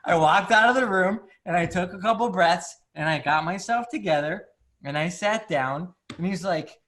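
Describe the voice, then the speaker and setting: A man's voice: sits high, moderate pace, a bit bright. A man, a psychologist, speaking as a guest in a candid, casual conversation full of fillers and restarts.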